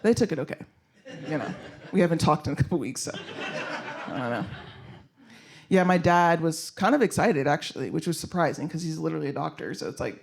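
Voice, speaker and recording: A man's voice: on the high side, lively intonation, a little fast, gravelly, long pauses. A man performing a live stand-up set in a blunt, self-mocking way, swearing freely and talking straight to the crowd. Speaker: stand-up comedian. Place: comedy show venue.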